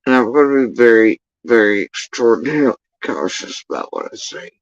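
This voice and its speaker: A man's voice: mid-range voice, big pitch swings, brisk, dry recording, muffled recording. Heated, profane man on a livestream. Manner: heated, profane, emphatic storytelling. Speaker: livestream host. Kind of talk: casual livestream monologue.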